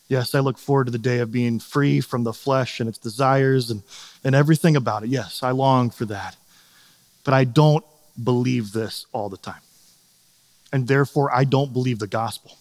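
A man preaching a sermon as pastor, earnest and animated, sometimes acting out quoted voices. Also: medium pitch, moderate pace, long reverb tail.

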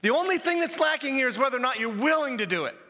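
A desperate grown man with a skin disease pleads over and over, his voice pitched well above normal and bright and strained, as a preacher acts him out. The begging rings out in a large echoing hall. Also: lively intonation, fast talker, heavily acted. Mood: pleading. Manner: pleading, insistent repetition.

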